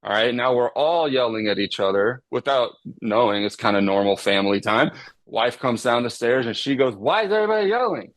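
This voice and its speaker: A middle-aged man, a psychotherapist guest explaining ideas with everyday examples in a relaxed podcast chat. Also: medium pitch, normal speed, no room sound.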